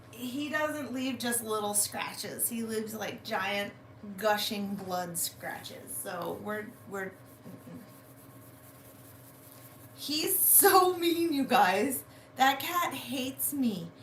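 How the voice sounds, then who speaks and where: A woman chats to her viewers from home in a casual, chatty way, swearing now and then. Her voice sits a bit high and she drawls her words slowly. The phone recording has an echoey room and faint hiss. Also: bright, forceful tone. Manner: chatty, swearing, drawn-out complaining. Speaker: vlogger. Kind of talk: casual vlog chat. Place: at home indoors.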